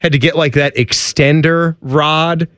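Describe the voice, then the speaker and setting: A man hosting a radio talk show, relaxed and laughing easily as he leads the chat. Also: a little high, measured pace, no echo, clean studio sound. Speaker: radio host. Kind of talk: casual chat.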